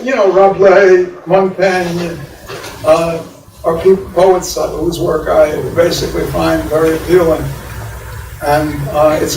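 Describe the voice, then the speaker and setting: Older New York man, mid-high voice, digressive talker, recorded far off with a hissy background. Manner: digressive, many restarts and fillers, wry laughs. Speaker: poet and guest speaker. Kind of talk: rambling improvised talk. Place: large echoey university room. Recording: echoey room, far mic, audible hiss.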